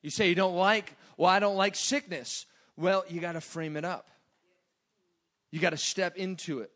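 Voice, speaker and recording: A man preaching a sermon in a loose, joking way that swings between quiet asides and loud bursts. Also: high-pitched, fairly even intonation, normal speed.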